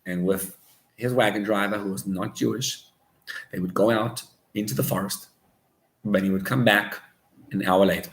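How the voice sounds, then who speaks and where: A man, a rabbi, preaching a sermon as an animated storyteller who mixes in Hebrew and Yiddish words. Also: fairly low pitch. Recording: roomy echo.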